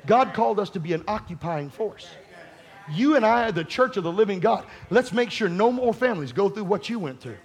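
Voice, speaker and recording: A male pastor preaching a sermon, fervent and conversational, rising to shouts and speaking directly to his congregation. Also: high-pitched.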